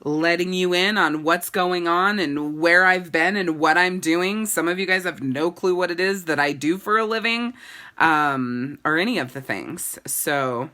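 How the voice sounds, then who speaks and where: A woman's voice: fairly low pitch, measured pace, pushed and bright. A woman running a casual live video for her followers, candid and gushing, swearing casually as she talks about her clothing business. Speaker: boutique owner and sales consultant.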